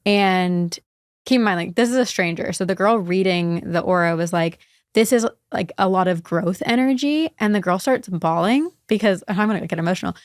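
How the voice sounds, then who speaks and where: A woman's voice: fairly low pitch, normal speed, dry recording, studio quality. A woman guest on a podcast who chats casually, often saying "like" as she tells a story. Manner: chatty, peppered with "like". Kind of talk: casual chat.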